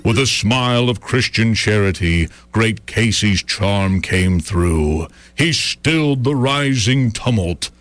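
A man's voice: fairly low pitch, animated, a bit bright, dry recording. A man performing a comic poem to a live audience in a mock-epic, rhythmic style. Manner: mock-epic poetic delivery with rhythmic pauses. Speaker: comedian. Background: audience laughter.

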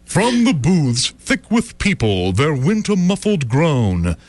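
A man's voice: a little high, wildly swooping pitch, darkish tone, dry recording. Man reciting mock-epic comic verse. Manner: mock-epic poetic delivery with rhythmic pauses. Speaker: comedian. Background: audience laughter.

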